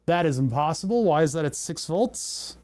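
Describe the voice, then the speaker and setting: A young man streams himself troubleshooting electronics, thinking aloud and muttering as he works. His voice sits a bit high for a man yet has a mellow, soft tone. He gets exasperated and swears when the parts keep failing. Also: animated, moderate pace. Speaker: livestream host. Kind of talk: casual livestream electronics tinkering.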